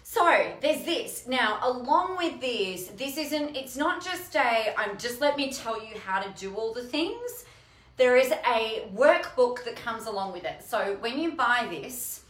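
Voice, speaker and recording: A woman's voice: a little high, a bit bright. A woman hosting a chatty video, gushing and exclaiming as she unboxes her new book. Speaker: host and author. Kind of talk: excited unboxing chat. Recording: echoey room.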